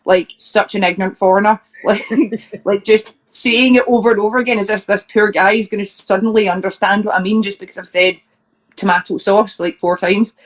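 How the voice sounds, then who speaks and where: Scottish woman, mid-pitched, chatty interview guest, laughs through her anecdotes. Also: steady tone, fairly quick. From Scotland. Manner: chatty, laughing, restarts and fillers while telling funny stories. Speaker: professional wrestler, interview guest. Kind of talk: casual anecdote telling.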